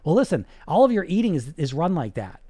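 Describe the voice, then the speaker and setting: Guy hypnotist doing a motivational podcast rant, slightly high voice that swings all over, dry close sound. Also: sing-song, brisk, warm tone, no echo. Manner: emphatic, blunt, peppered with rhetorical questions and mild swearing.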